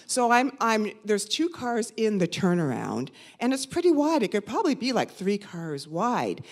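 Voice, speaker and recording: A woman in her fifties telling a personal story live, animated, conversational and self-mocking. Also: mid-range voice, moderate pace. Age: 50s.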